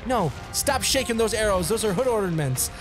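Over gameplay and background game music, a high-voiced man hosting a gaming video chats briskly, his intonation lively. Casual and giggly, he teases the enemy in front of him during his let's play commentary.

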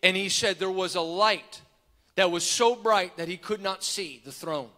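A male preacher with a fairly high, bright voice tells a story at a slow, deliberate pace. He builds from quiet telling to fervent shouting. Long reverb from the large church hall trails after each phrase. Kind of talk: sermon storytelling.

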